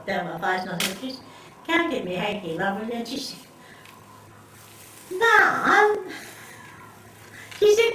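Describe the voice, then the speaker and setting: A woman's voice: medium pitch, fairly bright tone. An older woman telling family stories in casual chat, rambling with many restarts and often laughing. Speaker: interviewee. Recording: echoey room, recorded from far off, faint background noise.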